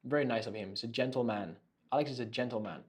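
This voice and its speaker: A man's voice: medium pitch, fast talker. A man from Norway with a Norwegian accent, teaching a language lesson in a casual, joking podcast style. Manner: joking, playful explaining.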